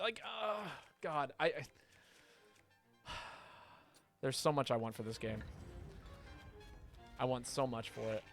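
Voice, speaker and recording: A man chatting casually while livestreaming a video game. He rambles, swears, and reacts loudly when something surprises him. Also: mid-range voice. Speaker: streamer playing a video game.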